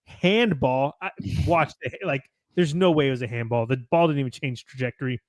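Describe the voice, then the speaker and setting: A man's voice: medium pitch, fast talker. An American man hosting a podcast, reading match results from notes with chatty asides and self-corrections. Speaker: podcast host.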